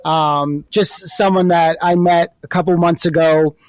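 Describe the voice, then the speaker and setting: A man's voice: on the high side, steady tone, a little slow, no echo, poor audio. A man co-hosting a casual podcast, talking loosely with frequent restarts and laughs. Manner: rambling, restarts, laughs often. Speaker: co-host.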